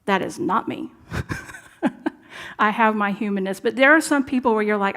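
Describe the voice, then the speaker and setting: A woman's voice: mid-range voice, measured pace. Earnest woman preaching conversationally. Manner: conversational, earnest, drops to soft asides. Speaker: minister. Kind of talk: sermon. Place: church sanctuary.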